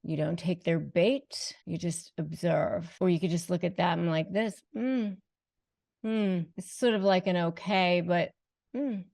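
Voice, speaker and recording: A woman hosting an advice video, speaking emphatically and slowing down to stress key phrases. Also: on the low side, fairly even intonation, vocal fry, darkish tone. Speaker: host giving advice. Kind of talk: direct-to-camera advice talk.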